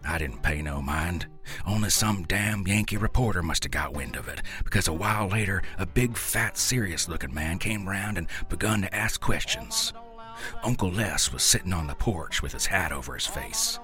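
A man's voice: low-pitched, expressive, moderate pace, sharp tone, faint music behind. A man reading a first-person story aloud in a folksy, drawling rural dialect. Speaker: narrator.

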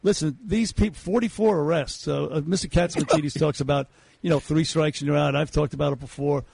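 Gravelly, blunt New man on talk radio. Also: a little high, steady tone, fast talker, darkish tone, no echo. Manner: blunt, emphatic, repeats phrases for punch. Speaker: radio talk show co-host.

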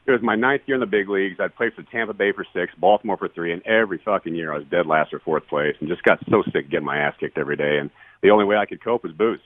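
A retired baseball player in his forties, appearing as a podcast guest, tells his story candidly in a very low voice, speaking fast, bluntly and profanely yet earnestly. The audio is dry and thin, squeezed through a narrow phone-like line, with no room sound.

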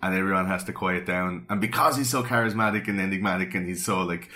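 A man's voice: low voice, fast. A man co-hosting a podcast, chatting casually and animatedly, acting out quotes as he tells stories. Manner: animated storyteller, acts out quotes. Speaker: podcast co-host. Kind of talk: casual chat.

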